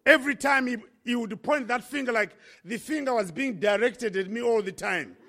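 A man from Africa telling his conversion story as a sermon testimony, impassioned with dramatic pauses. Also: very high voice, bright, forceful tone. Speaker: preacher.

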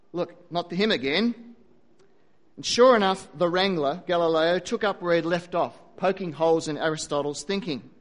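A man preaching a sermon, telling a story with dry asides and a varied pace. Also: high voice.

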